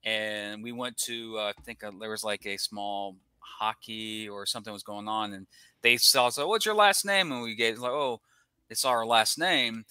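A young man chats on a sports podcast in a loose, rambling way, trailing off into asides and laughing at himself. His voice is very bright and smooth. The sound is dry and close-miked. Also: fairly low pitch, level tone, dry recording. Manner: rambling, chuckling, quick asides. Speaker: podcast co-host. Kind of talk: casual sports podcast chat.

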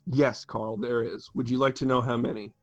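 A man running a tabletop game as game master, narrating in a halting way with many pauses. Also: medium pitch, fairly even intonation, darkish tone, lo-fi sound, soft background music.

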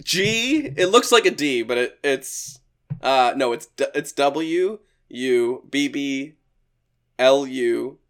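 A man's voice: medium pitch, expressive, slow, a bit bright. A man hosting a podcast, chatting casually about a movie, laughing often and restarting his sentences. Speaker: podcast host.

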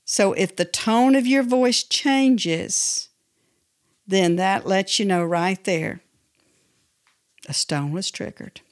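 A woman's voice: mid-range voice, takes it slowly, pauses often, clear, resonant tone. A woman hosting a faith-based teaching podcast, speaking emphatically and repeating her key phrases. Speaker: podcast host and Christian speaker.

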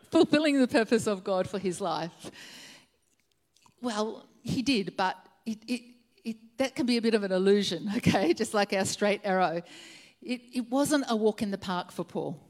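A woman preaching to her congregation in an earnest storytelling voice. Her pitch is mid-range for a woman, and she circles back to repeat her key lines for weight. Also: darkish tone. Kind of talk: sermon.

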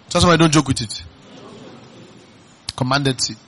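A male pastor with a Nigerian accent preaching a sermon. He keeps asking the congregation questions and swings between loud emphatic bursts and quiet, low asides. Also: a little slow, pauses often. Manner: call-and-response questions to the congregation.

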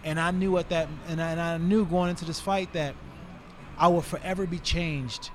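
A man in his forties talks as a podcast guest, sitting back and telling stories with plenty of fillers. His voice sits fairly high for a man, and he gets animated whenever he acts out a scene. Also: moderate pace, a little hiss or hum. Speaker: guest, retired fighter. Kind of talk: casual storytelling in conversation.

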